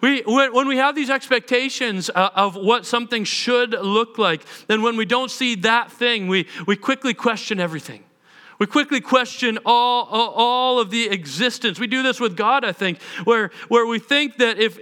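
Bright-voiced man preaching on stage. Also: very high-pitched, moderate pace, smooth. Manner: animated, self-deprecating, conversational. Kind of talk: sermon with personal storytelling. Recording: long hall reverb.

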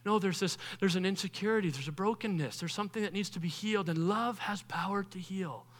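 A man preaching a sermon as pastor, animated, acting out the voices of people he quotes, rising to loud bursts and dropping quiet. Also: sits high, fast.

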